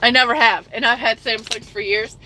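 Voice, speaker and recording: A middle-aged woman with a bright, somewhat high voice talks slowly and emphatically in a casual livestream chat, reading viewers' comments aloud. She sounds emotional, as if she has just been crying, and a faint hum of a vehicle runs behind her. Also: steady tone, poor audio.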